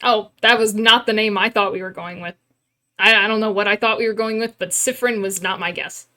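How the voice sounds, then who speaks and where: A woman streamer giving casual let's-play commentary from her room at home, playful and self-mocking, quick to laugh. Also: medium pitch, fairly even intonation, sharp tone.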